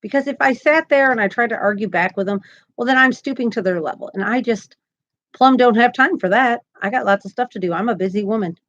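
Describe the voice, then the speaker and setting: A woman's voice: a little high, fast, a bit bright, muffled recording. A woman hosting a crochet live stream, chatting casually and upbeat, often laughing as she talks. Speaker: crochet channel host.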